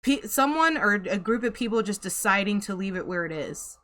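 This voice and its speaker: A woman's voice: medium pitch, animated, a little fast, a bit bright. A young woman giving a casual tarot reading to camera, chatty and sympathetic, laughing and sighing often. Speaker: tarot reader.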